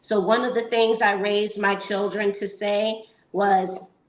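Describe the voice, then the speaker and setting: Middle-aged woman panelist, earnest, pauses with fillers, echoey room sound. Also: mid-range voice, level tone. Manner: earnest, encouraging, with hesitant fillers. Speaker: panel guest. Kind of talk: heartfelt panel talk. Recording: roomy echo.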